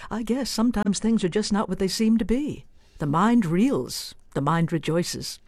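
A woman's voice: medium pitch, moderate pace, a little mellow, no room sound. A woman giving a scripted radio commentary in a playful, wry, theatrical way. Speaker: radio essayist.

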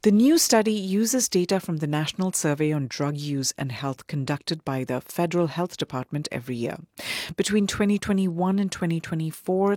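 A woman delivering a radio news report as a reporter, clear and paced. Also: deep voice, darkish tone, no echo, studio quality.

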